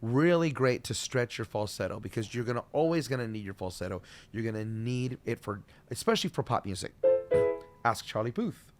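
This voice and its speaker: A man's voice: medium pitch, animated, moderate pace, faint music behind. A man giving an upbeat online singing lesson as a vocal coach, explaining technique and demonstrating sounds.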